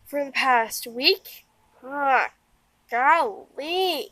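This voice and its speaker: A woman's voice: sits high, expressive, very slow, bright, forceful tone, poor audio. A tired young woman giving a rambling, casual vlog update outdoors in the wind, full of fillers and restarts. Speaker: vlogger.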